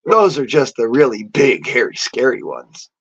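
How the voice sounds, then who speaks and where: A man's voice: medium pitch, very animated, normal speed, a bit bright, slightly rough. Defiant man ranting, heavy swearing. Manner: defiant, swears heavily, boastful. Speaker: vlogger. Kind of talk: profane angry rant. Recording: dull lo-fi audio.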